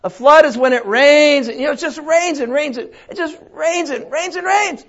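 A patient God gives plain, matter-of-fact answers, as an older preacher puts him on. The voice is high and the recording is dull. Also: male voice, moderate pace, a bit bright.

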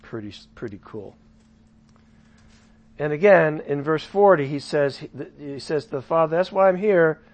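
A man teaches a Bible passage in an easygoing, conversational way. His voice sits a bit high, and he keeps breaking off into chatty asides. He swings from loud emphasis down to near-murmurs. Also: lo-fi sound. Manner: chatty, paraphrases scripture loosely with asides; lively shifts from loud to soft. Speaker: Bible study leader.

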